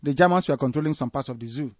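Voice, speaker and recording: A man's voice: medium pitch, rapid-fire, no room sound. A man with a Nigerian accent, a broadcaster delivering impassioned commentary and ranting with repeated phrases for emphasis. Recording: dry, dull lo-fi recording.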